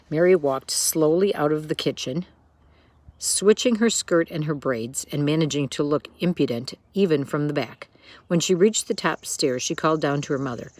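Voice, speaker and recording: A woman reads a children's book aloud. Her narration is expressive and lilting. She sounds like a storyteller. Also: deep voice, moderate pace.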